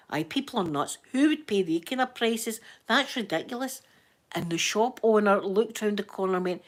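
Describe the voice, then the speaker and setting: A Scottish woman in a relaxed, rambling live chat with her viewers. Her pitch sits in an ordinary middle range for a woman. She tells stories in a lively, gossipy way, breaks into laughter often and slips into the voices of the people she quotes. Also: normal speed. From Scotland. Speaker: livestream host chatting to viewers. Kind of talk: casual chat.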